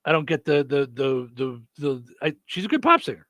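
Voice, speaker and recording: A man's voice: on the high side, big pitch swings, normal speed, fairly bright tone, dry recording. A man hosting a radio morning show, chatting casually with many fillers and restarts. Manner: rambling, lots of fillers and restarts.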